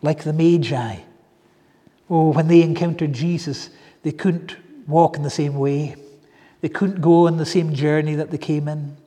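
Male preacher, high mellow voice, fervent pleading sermon delivery, echoey hall sound. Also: fairly even intonation. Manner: fervent, drawn-out pleading exclamations. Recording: echoey hall with long reverb.

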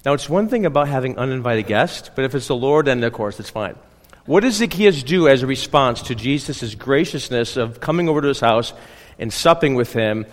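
A man's voice: mid-range voice, expressive, fairly quick, long reverb tail. A man preaching a conversational sermon as a pastor, often checking in with the congregation. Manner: chatty, keeps checking in with the congregation. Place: church.

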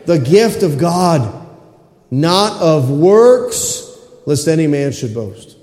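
A man's voice: a little high, lively intonation, takes it slowly, darkish tone. A middle-aged male pastor preaching a sermon in a church, emphatic and repetitive, often asking the congregation to respond. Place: church sanctuary. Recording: echoey hall reverb.

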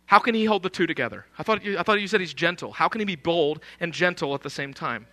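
A man's voice: fairly high pitch, fast, pushed and bright. A man preaching a sermon in an emphatic, conversational way, often posing rhetorical questions.

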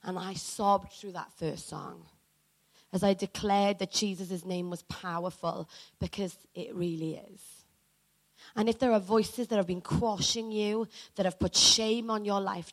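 A woman's voice: mid-range voice, fairly even intonation, a little slow, poor audio. A woman preacher giving a sermon with passionate, emphatic delivery.

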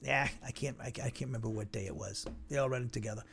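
A man's voice: mid-range voice, quick pace, creaky, a bit bright, slight background noise. A man teaching an informal Bible lesson, conversational and digressive, thinking aloud as he goes.

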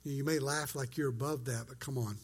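A man's voice: medium pitch, fairly even intonation, brisk, husky. A man preaching a sermon as pastor, earnest and conversational, acting out quoted lines.

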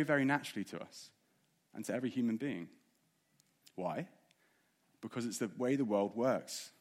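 A man preaching a sermon in an earnest way, asking the congregation rhetorical questions. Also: mid-range voice.

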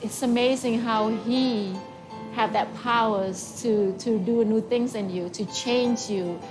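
A woman with a fairly high voice tells her personal faith testimony. She speaks in halting, emotional phrases and often restarts. Music plays clearly behind her. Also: fairly even intonation. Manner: halting, emotional storytelling with repeats.

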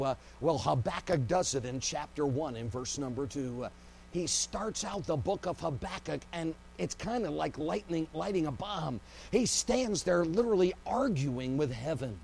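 A man preaching a sermon with passion, swinging from loud pleading to low, hushed lines. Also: lively intonation, normal speed, vocal fry, a little hiss or hum.

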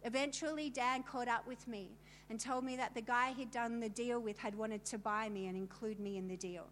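A middle-aged woman with a high voice shares her testimony with a gathering of women. She tells it in vivid detail and turns to the listeners with emphatic asides. A faint hiss sits under her voice. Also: steady tone, moderate pace, a bit bright. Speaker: speaker telling her story to a women's gathering. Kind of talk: personal testimony talk.

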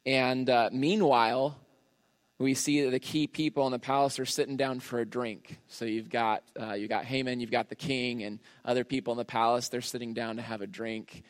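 A man's voice: medium pitch, steady tone, normal speed, in a large hall. A man preaching a sermon in a casual, conversational way, with frequent fillers and restarts. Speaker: pastor.

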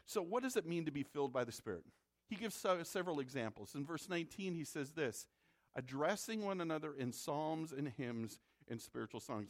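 A man's voice: fairly high pitch, animated, fairly quick. A man from the Midwest preaching a sermon as a pastor, in a conversational way that repeats words when he presses a point.

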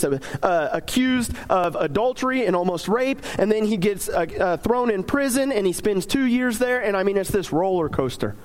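A man preaching a sermon in a casual, conversational way, acting out prayers in the first person and leaning on fillers like "I mean". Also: sits high.

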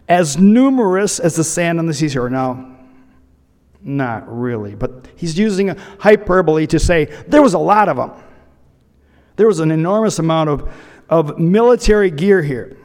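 A man's voice: on the high side, animated, a little slow, darkish tone, in a large hall. A man preaching a sermon, retelling a scripture story with humorous asides. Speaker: pastor.

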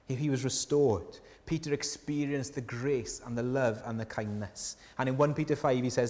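Male pastor preaching in a church with long hall reverb, conversational and earnest, mid-pitched voice, many rhetorical questions. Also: a little fast, hardly any pauses. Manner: earnest and tender, dropping softly at key lines. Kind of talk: sermon.

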